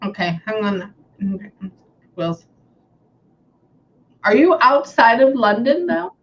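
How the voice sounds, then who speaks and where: A young American woman working as a psychic medium, chatting casually and often pausing with "hang on" while she relays messages. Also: on the high side, big pitch swings, lo-fi sound. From United States. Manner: chatty, keeps saying "hang on" and relaying what she hears. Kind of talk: casual reading session.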